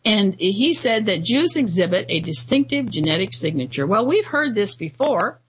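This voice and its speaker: A woman's voice: medium pitch, big pitch swings, moderate pace, slight background noise, rough recording. A woman hosting a commentary show, talking through news items in a rambling, indignant monologue with frequent fillers and restarts.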